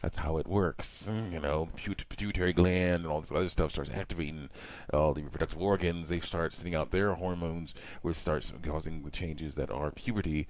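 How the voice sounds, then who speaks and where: A man's voice: extremely low pitch, steady tone, brisk, few pauses. A man talking casually while working with his hands, rambling and padding his talk with hums of "mm" and "you know", often acting out his own remarks.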